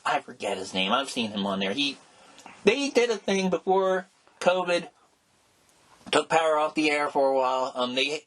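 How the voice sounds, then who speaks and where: A middle-aged man chats casually as a podcast co-host. His voice sits a little high for a man, and he rambles with plenty of restarts and sudden animated outbursts. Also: moderate pace. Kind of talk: casual chat.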